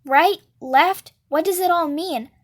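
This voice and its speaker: A woman voicing a big, slow-witted teenage boy who talks in a puzzled, unhurried way. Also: sits high, dry recording. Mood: confused.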